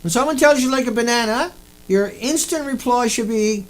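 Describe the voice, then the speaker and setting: A man's voice: very high voice, fairly quick. A man delivering an angry, repetitive rant, swearing often as he talks to his viewers. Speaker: video blogger.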